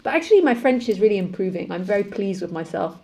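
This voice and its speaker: A woman, a spiritual teacher, speaking calmly and repetitively in a live-streamed session and laughing easily. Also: medium pitch, fast talker.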